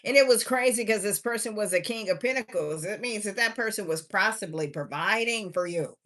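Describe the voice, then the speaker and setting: Tired woman tarot reader on a live stream, sing-song and chatty, bright-toned voice. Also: medium pitch, animated, brisk. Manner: chatty, drawling, sing-song refrains, laughs to herself. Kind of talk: casual livestream tarot reading.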